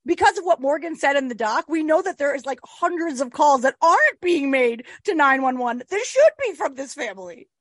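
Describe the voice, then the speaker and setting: Animated woman chatting on a podcast. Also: high voice, fairly quick, hardly any pauses, dry recording. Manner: animated, swearing, many fillers and restarts. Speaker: podcast co-host. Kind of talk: casual true-crime chat.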